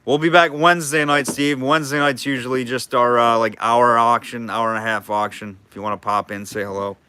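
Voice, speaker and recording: Male auctioneer for a live online sale, chatty and jokey, bright forward voice, calls bids in between banter. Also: medium pitch, steady tone, a little fast, smooth. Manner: chatty, jokey, reads out bids and names viewers.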